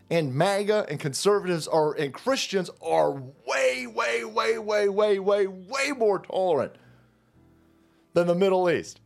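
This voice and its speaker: A man hosting his own channel, delivering a foul-mouthed, mocking political rant. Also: high voice. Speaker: commentary channel host.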